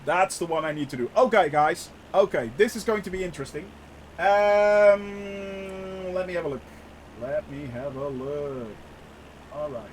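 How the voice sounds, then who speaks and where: A young man giving casual live commentary on a flight sim, chatty, laughing often and filling pauses with "uh". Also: sits high, slight background noise. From Netherlands.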